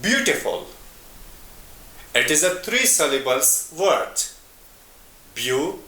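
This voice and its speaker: Slow, lively-voiced man teaching English. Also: fairly high pitch, roomy sound. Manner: deliberate, repeats example words. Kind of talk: slow explanatory lesson.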